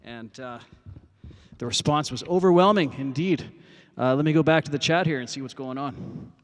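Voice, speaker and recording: A man livestreams music on his phone from an outdoor parking lot, talking in a medium pitch at normal speed with a big-room sound. A bit winded after playing, he chats casually and rambles, swearing a lot and using many fillers.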